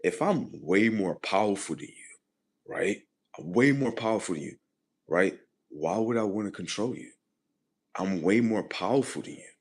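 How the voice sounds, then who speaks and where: Low husky man rambling on a livestream. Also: expressive, moderate pace. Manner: rambling, repetitive and profane, drifting between muttering and loud emphasis. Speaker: livestream host. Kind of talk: casual livestream monologue.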